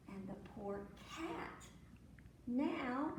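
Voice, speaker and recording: A woman's voice: a little high, lively intonation, slow. A woman librarian reading a children's picture book aloud at storytime, acting out sneezes and animal sounds along the way. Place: library room. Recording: echoey room, mic at a distance, faint noise.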